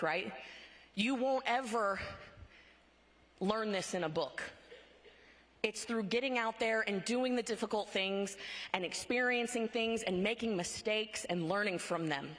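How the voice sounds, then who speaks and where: A woman's voice: mid-range voice, fairly bright tone. A woman giving a motivational conference speech, talking in short, punchy phrases and often checking in with a rhetorical "right?". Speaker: conference speaker. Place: large conference hall. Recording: long hall reverb from a large venue.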